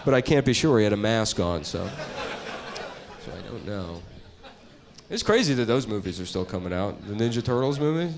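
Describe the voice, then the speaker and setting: A middle-aged man doing stand-up, rambling in a deadpan way and trailing off into mumbles. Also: fairly low pitch, moderate pace, background noise. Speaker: comedian. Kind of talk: stand-up comedy bit.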